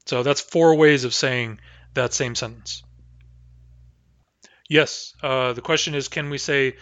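A man leads a language lesson in a mid-range voice, patient and explanatory. He pauses with frequent fillers and carefully repeats example sentences at a slower pace. The sound is dry, with no room echo. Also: mid-range voice, a bit bright. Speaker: language teacher. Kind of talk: language lesson with student questions.

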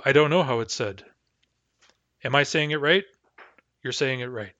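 Male language teacher, mid-pitched, careful sound-by-sound delivery, muffled lo-fi dry audio. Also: a bit bright, dry recording. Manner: slow, careful modelling of sounds with many fillers. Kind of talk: recorded pronunciation lesson. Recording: dull lo-fi dry recording.

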